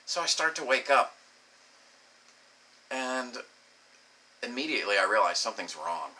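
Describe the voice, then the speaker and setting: A young man telling a crude comic story, profane and animated, acting out the voices in his quotes. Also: on the low side, moderate pace, long pauses. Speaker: comedic storyteller. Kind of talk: crude comedic monologue.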